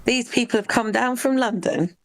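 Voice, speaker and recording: A woman joining a casual chat, animated and opinionated. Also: a little high, slight background noise. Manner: animated, opinionated, quick to laugh.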